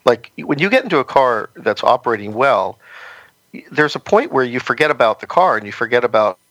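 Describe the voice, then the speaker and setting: A man chatting as a guest on a podcast, his voice sitting at an everyday middle pitch. He rambles along with plenty of "you know" fillers. The sound is dry and close, with no room echo. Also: big pitch swings, a little fast, a bit bright. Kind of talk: casual interview chat.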